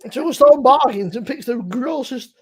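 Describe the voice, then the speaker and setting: Gravelly, sweary man. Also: very high-pitched, animated, normal speed, a crowd in the background. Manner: sweary, teasing, mock-indignant. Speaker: beer stream host. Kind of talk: casual banter on a live stream.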